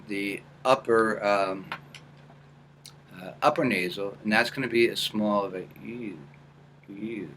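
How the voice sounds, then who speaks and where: A man teaching a lesson, calmly guiding and demonstrating small hums and nasal sounds as examples. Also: medium pitch, a little hiss or hum. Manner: demonstrates hums and small vocal sounds between calm guidance. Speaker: acting coach. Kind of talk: instructional tutorial.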